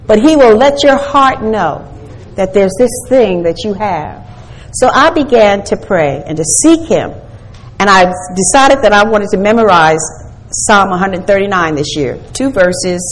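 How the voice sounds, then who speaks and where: A woman's voice: medium pitch, poor audio. An older woman preaching a sermon to women, emphatic, quoting scripture and asking her listeners questions. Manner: emphatic, asks the audience questions, quotes scripture. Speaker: women's ministry speaker.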